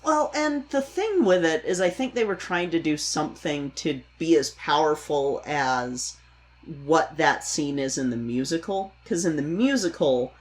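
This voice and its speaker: A woman's voice: low-pitched, animated, unhurried. A woman co-hosting a podcast in casual chat, reflecting on how the characters change. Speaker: podcast co-host.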